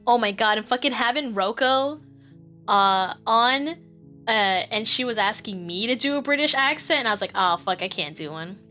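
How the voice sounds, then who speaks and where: A woman streamer with a bright, slightly high voice chats casually as she plays. She rambles, giggles often and swears freely. Faint game music sits underneath. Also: normal speed. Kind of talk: casual live-stream chat.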